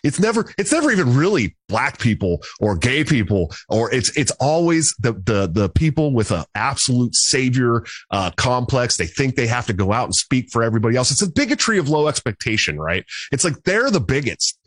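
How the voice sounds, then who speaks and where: A man in his thirties hosting a casual podcast, animated and swearing freely with many restarts. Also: medium pitch, fairly quick, hardly any pauses, no echo. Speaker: podcast host. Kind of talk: casual chat.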